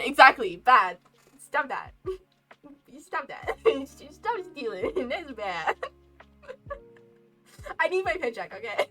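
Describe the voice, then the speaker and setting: A young woman telling a casual story while streaming, animated and rambling, laughing often. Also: high-pitched. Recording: lo-fi game music behind.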